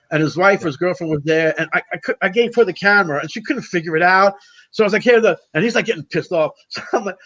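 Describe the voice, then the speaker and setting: A man, a guest drummer, telling road stories in casual chat, animated, acting out what people said and laughing often. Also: high-pitched. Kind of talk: casual storytelling.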